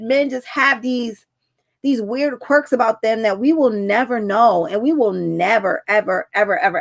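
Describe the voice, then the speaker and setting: Gravelly-voiced woman telling a story. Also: mid-range voice. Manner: chatty storytelling, acts out quotes. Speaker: relationship coach. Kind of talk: casual talk to camera.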